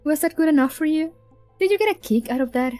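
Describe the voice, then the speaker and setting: A woman's voice: high-pitched, animated, fast, mellow, no room sound, soft background music, pitched above the performer's own voice. A woman reading the lines of a mocking, bored female android prisoner with sarcastic, drawling taunts. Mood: taunting. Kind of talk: reading game dialogue aloud.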